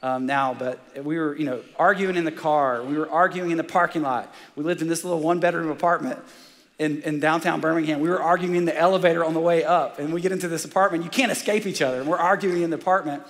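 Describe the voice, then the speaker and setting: Energetic male pastor, slightly high-pitched, live sermon in a reverberant church hall. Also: fast talker. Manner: energetic and excitable, fired up. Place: large church auditorium.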